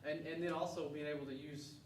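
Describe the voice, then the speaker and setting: A man's voice: on the high side, little pitch movement, quick pace, slight background noise. Guy teaching a class, going over a test, kinda far from the mic in an echoey room. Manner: earnest, repeats words when restarting. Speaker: instructor.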